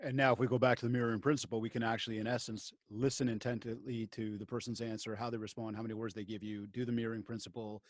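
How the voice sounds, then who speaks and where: A man's voice: mid-range voice, fast, hardly any pauses, no room sound. Chatty male podcast host, dry close sound. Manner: relaxed, chatty, plugs the guest's book. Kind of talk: conversational interview.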